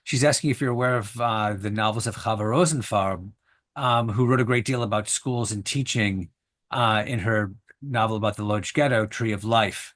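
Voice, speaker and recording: A man's voice: fairly low pitch, moderate pace, a bit bright. A man moderating a lecture Q&A over a video call, speaking hesitantly with many fillers and restarts.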